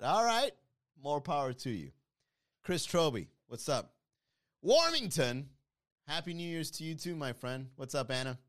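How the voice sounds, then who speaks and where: A man hosts a live stream, his voice smooth and clear. He talks to his viewers in a casual, joking way, with lively swings in pitch. He teases people and laughs at his own jokes. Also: normal speed. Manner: animated, joking, mocking with playful put-on voices. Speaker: podcast host on a live stream. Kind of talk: casual live-stream chat reading comments.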